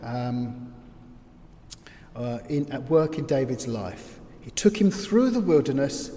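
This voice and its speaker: A man preaching an expository sermon, telling stories and acting out loud screams as he explains the text. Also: medium pitch, lively intonation, slow. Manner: storytelling, breaks into loud acted screams. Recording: long hall reverb.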